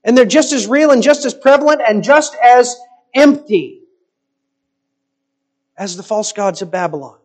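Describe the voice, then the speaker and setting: High-voiced man preaching a sermon. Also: expressive. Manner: emphatic, rhetorical preaching with pauses.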